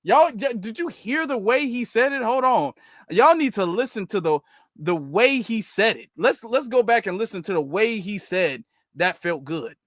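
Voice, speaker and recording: A man hosting a reaction commentary channel, talking in a mocking, sarcastic way with slow, drawn-out remarks. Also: high voice, very animated, fairly bright tone, no echo, clean studio sound.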